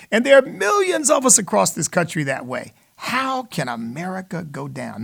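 Male call-in radio host, fairly high-pitched and gravelly, preaching with emphatic peaks. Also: huge pitch swings, moderate pace, hardly any pauses, fairly bright tone. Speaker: radio talk show host.

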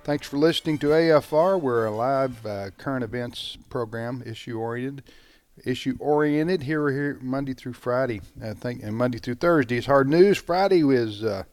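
A man's voice: medium pitch, normal speed, few pauses, darkish tone, dry recording. A man hosting a live radio talk show, chatting casually with many fillers and restarts. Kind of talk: casual live studio chat. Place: radio studio.

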